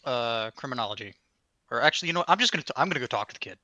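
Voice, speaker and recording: A man playing a tabletop game, talking casually in a brash, quick manner. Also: mid-range voice, expressive, sharp tone, no room sound, highs cut off. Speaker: player.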